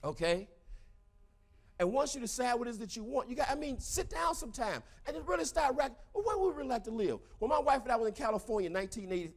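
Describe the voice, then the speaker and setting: A man in his forties with a Southern US accent, giving a motivational seminar talk in an emphatic, repetitive way with bursts of shouting. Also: high-pitched. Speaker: seminar speaker.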